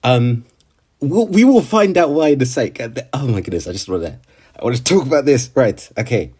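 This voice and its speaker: A man's voice: mid-range voice, sing-song, a little fast, darkish tone, slightly rough. Man, casual recap vlogger, rambling delivery, filler-heavy, mid-range voice. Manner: rambling, full of fillers and "right?". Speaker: anime video creator. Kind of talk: casual anime episode recap.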